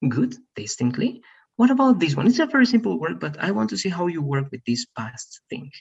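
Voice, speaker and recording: A man teaching English pronunciation one-on-one, encouraging and correcting, repeating words slowly. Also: a little high, big pitch swings, vocal fry, darkish tone, slightly rough. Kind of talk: online one-on-one lesson. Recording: dull lo-fi online call audio.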